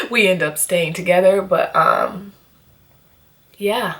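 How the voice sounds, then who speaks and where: A young woman on her vlog, telling a personal story in an animated, blunt and profane way. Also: on the low side, slow. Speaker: beauty YouTuber.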